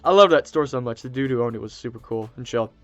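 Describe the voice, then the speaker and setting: Male host, mid pitch, chatty and excitable, rambling storyteller; faint music underneath. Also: fast, no echo, highs cut off. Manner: excitable, rambling, many fillers and restarts. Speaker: channel host. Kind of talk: casual storytelling to camera.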